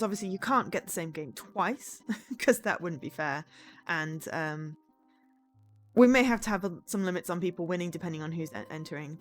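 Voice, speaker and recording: Chatty woman streaming. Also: on the low side. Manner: chatty and rambling with many ums. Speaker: charity gaming streamer. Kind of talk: live-stream chat.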